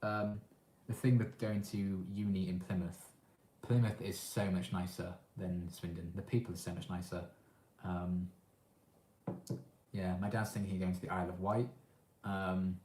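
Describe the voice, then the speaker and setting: A young man with an English accent, casually answering chat questions on his livestream in a relaxed, hesitant way with lots of ums. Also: sits low, measured pace. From England. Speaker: livestream host. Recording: echoey room.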